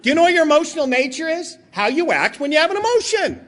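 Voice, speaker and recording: A man's voice: extremely high pitch, sing-song, a bit bright. A middle-aged man telling funny stories to a convention crowd, joking and acting out what friends said. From Southern California. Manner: quick, joking delivery, acts out voices of friends. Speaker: speaker at a recovery convention. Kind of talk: comedic storytelling talk. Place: large hotel meeting hall.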